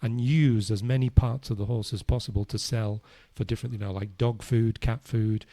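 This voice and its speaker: A man hosting an English-learning podcast, explaining a word casually and checking understanding with a quick "no?". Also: lowish voice, steady tone, mellow, no room sound. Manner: explains slowly with Spanish equivalents, asks "no?". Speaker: English teacher and podcast host.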